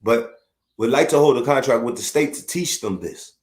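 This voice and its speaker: A man's voice: medium pitch, moderate pace. Middle-aged chicago dude ranting on his podcast, blunt, swears a lot, kinda echoey room. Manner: profane, blunt, heated, repetitive. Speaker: podcast host. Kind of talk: unfiltered rant.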